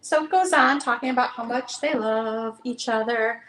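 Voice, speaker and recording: A woman's voice: a little high, normal speed, a bit bright. A woman hosting a live online book sale, chatty and upbeat, calling out bids. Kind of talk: casual live auction chat. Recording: echoey room.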